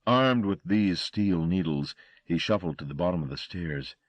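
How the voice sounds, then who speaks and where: A man reading a horror audiobook with a dramatic, expressive delivery. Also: low-pitched, normal speed, no echo. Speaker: audiobook narrator. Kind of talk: scripted horror narration.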